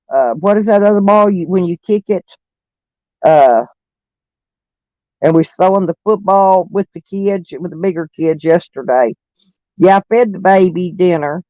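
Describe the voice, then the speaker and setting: A man's voice: high-pitched, no room sound. A middle-aged man, chatting casually and rambling on a livestream, laughing often. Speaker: live streamer. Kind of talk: casual livestream chat with viewers.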